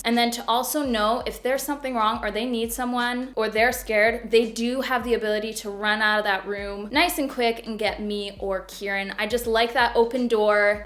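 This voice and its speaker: A woman's voice: a little high, a bit bright. A young adult woman, a parenting vlogger, talking casually to camera in an upbeat, chatty way, laughing often but firm when she makes a point.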